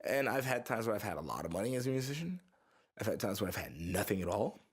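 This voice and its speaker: Low-voiced, rambling male musician. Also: very animated, quick pace, breathy edge. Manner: rambling, laughs often, restarts with lots of "uh". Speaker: musician guest. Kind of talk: casual podcast chat. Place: recording studio.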